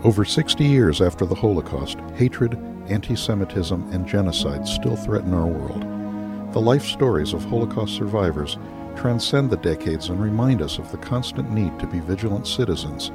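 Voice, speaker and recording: A man reading a scripted podcast introduction in a solemn, measured way. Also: lowish voice, expressive. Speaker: podcast narrator. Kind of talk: scripted narration. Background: music.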